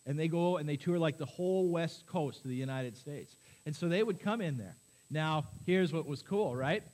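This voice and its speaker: Male pastor, sermon, slightly high voice, lively, asks the congregation questions. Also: normal speed. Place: church.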